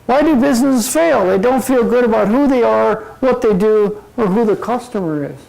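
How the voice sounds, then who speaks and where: An older man giving a humorous motivational talk at a club meeting, telling jokes deadpan. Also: extremely high pitch, moderate pace, creaky, low-quality recording. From Minnesota. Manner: deadpan joke-telling to a laughing audience. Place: meeting room before a live audience. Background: audience laughter.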